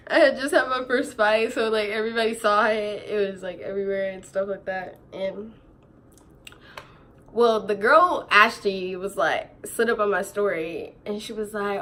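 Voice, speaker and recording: Animated young woman telling a storytime. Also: medium pitch, moderate pace. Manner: animated, laughing, quoting others in slang. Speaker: vlogger. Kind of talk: storytime vlog, casual chat.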